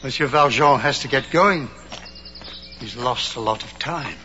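An actor playing a gentle, forgiving older bishop who speaks calmly and firmly, from a film soundtrack. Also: male voice, mid-range voice, measured pace, soft background music. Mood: gently firm. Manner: calm, kindly, firm. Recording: dull film soundtrack, faint noise.

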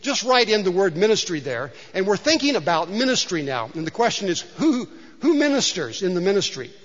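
Male pastor, high voice, chatty sermon delivery with rhetorical questions, muffled recording in a long-reverb sanctuary. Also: sing-song, a little fast, fairly bright tone. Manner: conversational, asides and rhetorical questions. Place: church sanctuary. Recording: dull sound with long hall reverb.

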